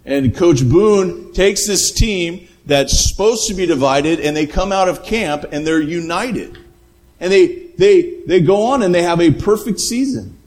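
A man preaching a sermon, retelling a film scene with lively quoted voices before drawing the lesson. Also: sits high, a little slow. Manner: animated storytelling with quoted voices. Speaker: pastor.

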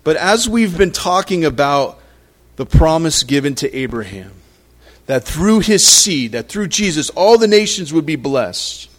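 A pastor delivers a conversational sermon, reading scripture aloud and acting out the people in the story. His pitch rises whenever he wants to emphasize something.

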